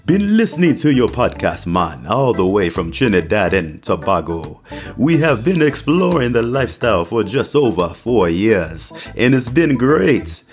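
A man's voice: on the low side, sing-song, measured pace, pitched above the performer's own voice. A man voicing a friendly male listener from the Caribbean with an attempted Caribbean accent, reading cheerfully aloud. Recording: music playing underneath.

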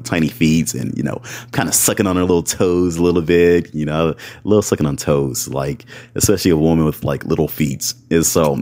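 Low-voiced man rambling through a story. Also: a little mellow. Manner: rambling, filler-heavy, keeps asking "right?"; addresses listeners as "y'all". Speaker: podcast host. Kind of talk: casual explicit storytelling.

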